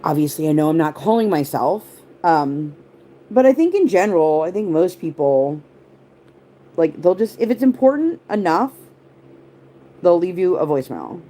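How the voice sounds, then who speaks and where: A woman's voice: fairly low pitch, big pitch swings, moderate pace, long pauses, dark tone. A woman of around forty chatting casually on a livestream, rambling through tangents, answering viewer comments and leaning on the word "like.". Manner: rambling, tangent-prone, heavy use of "like". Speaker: livestream host.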